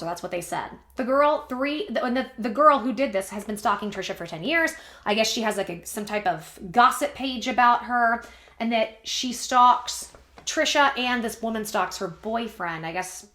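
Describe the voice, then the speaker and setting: A woman with a bright, crisp voice pitched a little high recaps online gossip for her channel. She talks in a chatty way, full of fillers and wry asides. Her voice rings off the walls of a roomy, echoey space. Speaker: commentary channel host. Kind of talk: gossip commentary, reading and reacting. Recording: echoey room.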